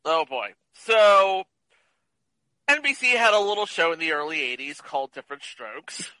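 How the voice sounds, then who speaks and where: A man's voice: a little high, very animated, moderate pace, bright, forceful tone, no room sound, poor audio. A man co-hosting a casual movie chat podcast, teasing and wry. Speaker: podcast co-host.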